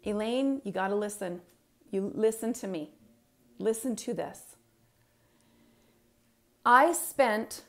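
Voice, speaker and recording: A woman's voice: mid-range voice, slow pace, long pauses. A middle-aged woman, a parenting coach, giving a motivational stage talk, speaking emphatically to the audience and repeating her key points.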